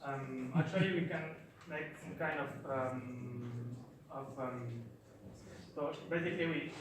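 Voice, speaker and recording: Hesitant male presenter fielding questions, echoing hall with steady background noise. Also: mid-range voice, slow pace. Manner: hesitant, many fillers and restarts. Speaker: startup pitch presenter. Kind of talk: pitch Q&A answers. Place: event hall. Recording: echoey hall, distant mic, clear background noise.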